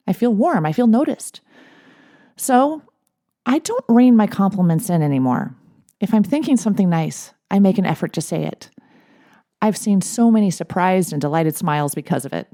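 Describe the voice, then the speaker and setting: A woman in her forties, a life coach and therapist, speaking in a gentle, encouraging podcast monologue. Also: on the low side. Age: 40s. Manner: gentle, encouraging, with light laughs.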